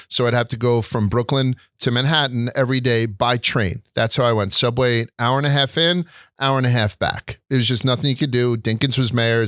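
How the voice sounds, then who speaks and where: A young adult man hosts a casual talk show and tells his stories with lively energy, swearing freely as he rants. His voice sits at a mid pitch and is recorded dry and close. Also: dry recording. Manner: animated storytelling with frequent swearing. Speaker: host. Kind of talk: casual chat.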